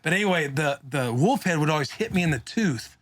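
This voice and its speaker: A man's voice: fairly high pitch, animated, a little fast, fairly bright tone, no room sound, clean studio sound. A man hosting a podcast, chatting loosely and telling a profane story about himself, full of restarts. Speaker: podcast host. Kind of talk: casual chat.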